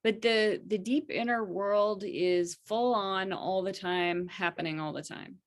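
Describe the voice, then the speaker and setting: A woman guest who works as a coach, talking in a soft, reflective way as she explores ideas. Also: mid-range voice, unhurried. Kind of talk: casual conversation.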